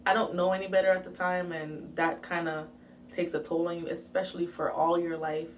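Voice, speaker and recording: Young woman from Jamaica for a chatty story-time vlog, lowish voice, animated delivery, a bit off-mic with faint room hum. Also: brisk, distant mic. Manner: lively, animated storytelling with playful asides. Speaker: vlogger.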